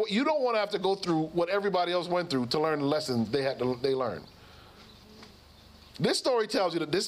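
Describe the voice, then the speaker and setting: A man with a high-pitched voice tells a story in a lively sermon style. He speaks as a pastor and physician, and he acts out the voices of the people in his story.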